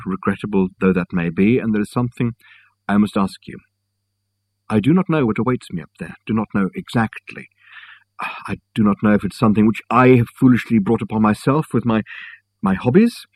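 A man reads an eccentric old gentleman, courteous and formal, who picks his words with halting care. The voice sits low and husky, grave and earnest in a storybook reading.

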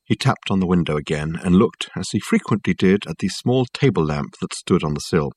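A man narrating a novel as an audiobook reader, in an expressive, wry storytelling manner. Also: sits low, brisk, slightly rough. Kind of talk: scripted narration.

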